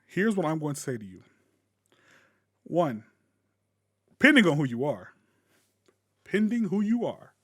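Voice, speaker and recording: A man ranting casually to camera as a gaming YouTuber, blunt and profane, with sudden loud bursts. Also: fairly high pitch, big pitch swings, unhurried, pauses often, slightly rough.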